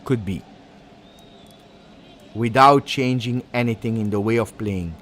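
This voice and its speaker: A man with an Italian accent doing live fan commentary on a match, excitable, throwing in Italian exclamations and talking to his viewers. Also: lowish voice, unhurried, slight background noise. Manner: excitable, switches into Italian exclamations, talks to chat.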